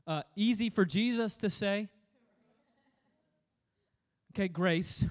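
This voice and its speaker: A man's voice: high voice, slow pace, long pauses. Joking pastor man preaching casually. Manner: casual and joking, reads scripture aloud and breaks in with comments. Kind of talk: sermon. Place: church hall.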